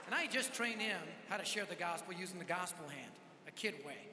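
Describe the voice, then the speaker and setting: A man preaching a sermon at a large event, telling a story with energetic, self-mocking humor. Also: high-pitched, fairly quick, crowd noise, background noise. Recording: echoey hall with live reverb.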